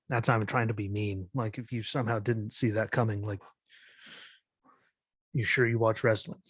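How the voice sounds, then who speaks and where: A man's voice: lowish voice, fairly even intonation, normal speed, breathy edge, no room sound, clean studio sound. A man hosting a solo wrestling podcast, talking in a skeptical, exasperated rant full of "like" and "literally". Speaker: podcast host.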